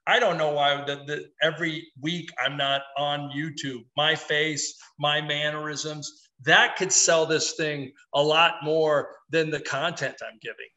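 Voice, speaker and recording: Animated, bright-voiced sports columnist man. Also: fairly high pitch, a little slow, few pauses, lo-fi sound. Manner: animated, opinionated, self-deprecating. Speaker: podcast co-host, sports columnist. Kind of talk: casual sports talk.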